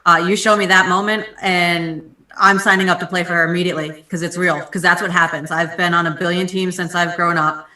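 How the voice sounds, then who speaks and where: Sports show guest, bright tense voice, flat delivery, direct, echoey and far off. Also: medium pitch, a little fast. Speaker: show guest, former athlete. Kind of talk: casual discussion.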